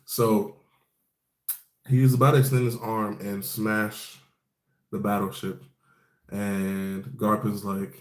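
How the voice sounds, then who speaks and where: A man's voice: lowish voice, little pitch movement, slow pace, pauses often, roomy sound. A man casually recapping an anime episode in a rambling, laid-back way, with plenty of fillers and swearing.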